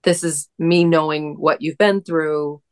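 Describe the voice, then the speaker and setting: Low-voiced woman speaking slowly. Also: steady tone, darkish tone, clear, resonant tone. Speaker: guest in a conversation. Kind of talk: casual reflective chat.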